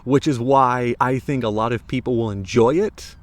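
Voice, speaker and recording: A young American man with an American accent, talking casually to camera about a book he enjoyed, animated and rambling with restarts. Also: medium pitch, moderate pace. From United States. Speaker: book reviewer.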